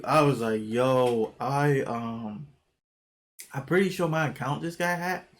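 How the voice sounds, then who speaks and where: Animated young man telling a story. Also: mid-range voice, takes it slowly. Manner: animated, profane, jumps into quoted exclamations. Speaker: vlogger. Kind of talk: casual storytime.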